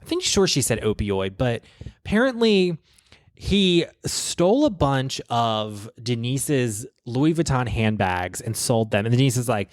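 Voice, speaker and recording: A man's voice: medium pitch, big pitch swings, measured pace, no echo, studio quality. A man from Baltimore hosting a podcast, recapping reality TV in a gossipy, profane way. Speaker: podcast host. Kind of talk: casual chat. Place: small podcast studio.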